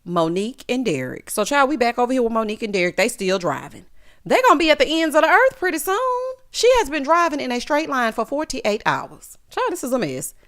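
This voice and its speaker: A woman's voice: high-pitched, big pitch swings, brisk, a bit bright. A woman giving a casual, sassy recap of a reality show, talking straight to her viewers.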